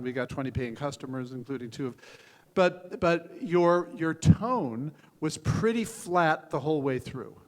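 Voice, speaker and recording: An older man, a venture capitalist, giving frank, joking feedback on startup pitches, with many restarts and fillers. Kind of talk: live pitch coaching. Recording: hall reverb.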